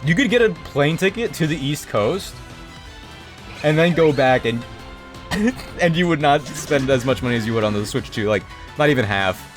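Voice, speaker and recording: A man live-streaming a video game, chatting casually with viewers and breaking into high, excited yelps when something happens in the game. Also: moderate pace, soft background music.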